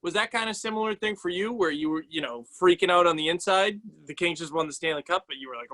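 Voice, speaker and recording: A man's voice: sits high, fast talker, few pauses, bright, forceful tone, low-quality recording. A young man hosting a sports podcast, asking questions in a chatty, eager way. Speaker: podcast host. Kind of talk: casual interview questions.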